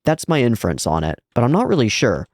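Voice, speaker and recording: A man's voice: medium pitch, huge pitch swings, quick pace, darkish tone, no room sound, clean studio sound. A man hosting an anime reaction, chatting casually and swearing now and then.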